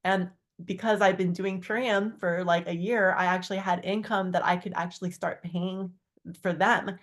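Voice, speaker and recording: A woman with fairly even intonation speaks at a moderate pace as a guest on a community video call, sharing a heartfelt personal testimony. She's earnest and rambling, full of restarts and fillers, and acts out quoted dialogue with big jumps in pitch.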